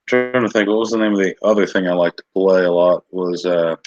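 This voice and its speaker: A man's voice: sits low, steady tone, brisk, lo-fi sound. A man chatting casually on a livestream, rambling and searching for words. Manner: rambling, lots of fillers and restarts.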